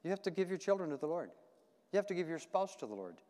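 A man's voice: high-pitched, sing-song, quick pace, mellow. A man preaching a conversational sermon in a church, folksy and repetitive, asking the congregation questions. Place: church sanctuary. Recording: long hall reverb.

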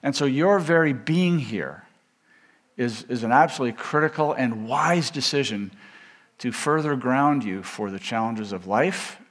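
A man's voice: mid-range voice, animated, measured pace. A man giving a chapel sermon as a visiting seminary speaker, earnest and emphatic, with frequent filler words and restarts.

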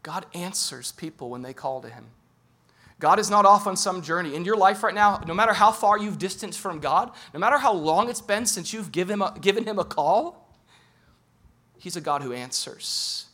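A man preaching a sermon in an animated, humorous and emphatic way. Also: fairly high pitch. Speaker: pastor.

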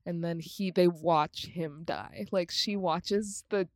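A woman's voice: fairly low pitch, fairly even intonation, slow pace. A woman co-hosting a podcast, recapping films in a rambling, casual chat, laughing often and swearing freely. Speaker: podcast co-host.

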